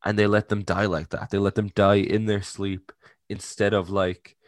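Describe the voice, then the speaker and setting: Low-voiced man gushing over a show. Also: normal speed, no room sound, clean studio sound. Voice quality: animated, emotional, swears freely, acts out quotes. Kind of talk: casual chat.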